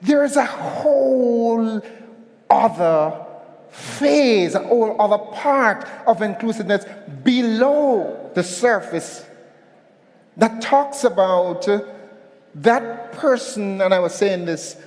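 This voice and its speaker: Man, conference speaker, lively storyteller, high expressive voice, slow pace, echoey hall. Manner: animated storytelling with audience call-and-response. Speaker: keynote speaker. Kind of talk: motivational conference talk.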